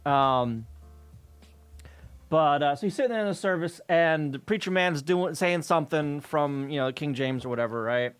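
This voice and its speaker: A man's voice: a little high, moderate pace, clear, resonant tone, soft background music. A man chatting casually on a livestream, telling an exasperated, profane story while he works. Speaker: streamer. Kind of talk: casual chat with chat while working.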